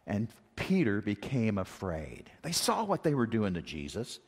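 Lively male preacher in a reverberant hall. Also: fairly low pitch, measured pace, hardly any pauses, breathy edge. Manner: animated, acts out quotes, rhetorical questions. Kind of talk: sermon. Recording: long reverb of a large hall.

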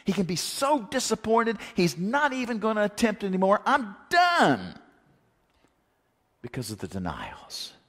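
A man preaching a sermon, animated, asking rhetorical questions and acting out the quotes he tells. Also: high voice, moderate pace, hardly any pauses. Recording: long reverb of a large hall.

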